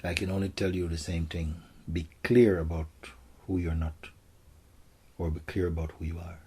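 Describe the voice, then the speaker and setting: A man, a spiritual teacher, gently telling stories and answering questions for a gathering in a soft, hushed way. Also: low-pitched, little pitch movement, normal speed, slightly rough. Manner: soft-spoken, gentle storytelling, often drops to a hush.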